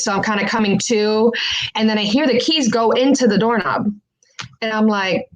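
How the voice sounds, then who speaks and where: Woman telling a wild story live, fairly high voice, swears a lot, laughs along. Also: moderate pace, low-quality recording. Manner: frank and profane, laughs through the telling; switches between English and Spanish.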